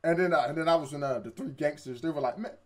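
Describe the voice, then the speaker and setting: A man's voice: on the high side, rapid-fire. A young man in casual chat, retelling an anime episode with quoted voices and laughs. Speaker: co-host reviewing anime.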